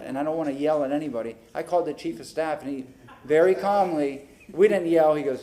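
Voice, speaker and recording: Speaking quickly in a slightly high voice, this councilman unloads his grievances at a public meeting. He stays animated, playing out conversations into the desk microphone in the council chamber.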